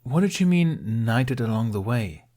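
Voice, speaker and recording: A man's voice: medium pitch, lively intonation, measured pace, mellow. A man voicing a mischievous, teasing young trickster who smirks and quips. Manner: playful, smirking.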